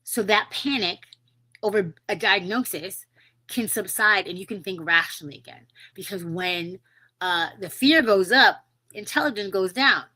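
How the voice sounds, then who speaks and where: On a rough recording, a woman podcast host speaks at normal speed in a bright, forceful, mid-range voice. Her solo talk is casual and earnest, packed with fillers and words of encouragement for listeners.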